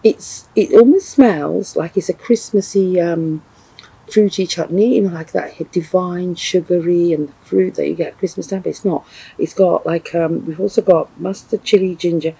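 Gushing man, mellow and husky. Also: high-pitched, fairly even intonation, normal speed, low-quality recording. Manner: gushing and effusive, repeats exclamations. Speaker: food reviewer. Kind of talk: enthusiastic product review vlog.

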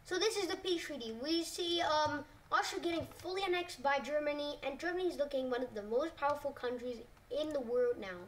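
A woman narrating a map scenario in a casual, hesitant way, often pausing on "like" and correcting herself. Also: sits high, distant mic, a little hiss or hum. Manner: hesitant, full of "like" and self-corrections.

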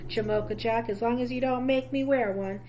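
A woman's voice: a little high, fairly even intonation, fairly quick, a little mellow, a little hiss or hum, lightly acted. A woman reading aloud, voicing a friendly, easygoing young man with a folksy way of talking.

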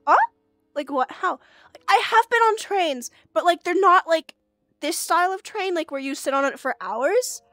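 A giggly young woman chats casually on her livestream, her voice pitched high and swinging lively up and down. She sits close to a dry mic with faint music under her. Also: moderate pace, no room sound. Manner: giggly, exclaims a lot. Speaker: streamer.

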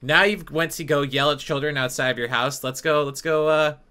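A man streaming a life-sim game, chatting casually and bursting into mock-outraged shouting. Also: fairly high pitch, steady tone, normal speed. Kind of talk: let's play commentary.

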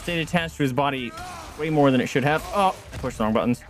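A young man streaming a game, chatting casually to viewers in a rambling way, with excited yelps and outbursts. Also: medium pitch, quick pace, soft background music. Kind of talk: casual gameplay chat to viewers.

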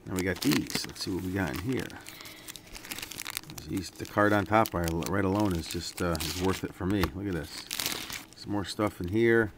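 A man casually talking through a stack of sports trading cards, relaxed and rambling with lots of fillers. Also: deep voice, moderate pace, gravelly, background noise. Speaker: card collector vlogger. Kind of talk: casual unboxing commentary.

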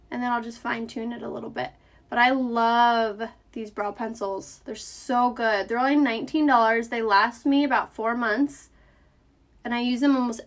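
A woman chatting through a live makeup tutorial while answering viewer comments. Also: on the high side. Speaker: makeup seller.

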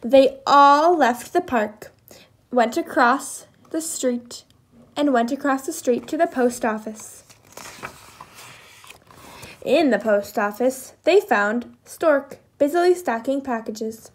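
A woman reading a children's picture book aloud in an expressive storytelling voice. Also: a little high, takes it slowly.

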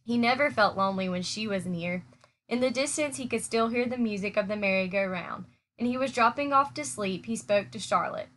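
A woman teacher reads a children's chapter book aloud. Her delivery is steady and clear, as storytelling for young listeners. Her pitch is middling for a woman. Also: fairly quick, a little hiss or hum.

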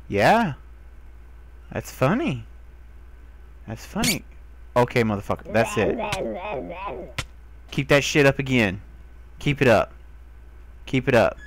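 A young man doing casual game commentary, talking to the animals he finds and getting excited by them. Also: medium pitch, slight background noise. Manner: talks to animals, excitable, squeals when delighted. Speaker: gamer. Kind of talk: casual let's play commentary.

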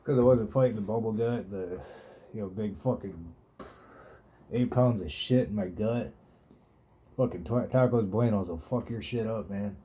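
A man's voice: on the low side, normal speed, pauses often, dark tone. A man hosting a podcast, telling a rambling, profane story in a laid-back, casual way. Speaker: podcast host.

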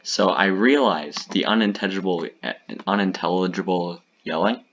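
Deep-voiced young man, chatty reaction commentary. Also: moderate pace, dull audio. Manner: chatty and laughing, rambling explanations with many fillers. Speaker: creator reacting to his old videos. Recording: noisy recording.

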